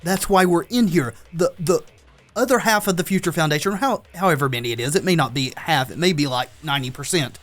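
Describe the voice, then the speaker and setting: A man giving casual let's-play commentary, excited and talking back to the characters on screen. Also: a little high, fast, soft background music. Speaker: gameplay commentator.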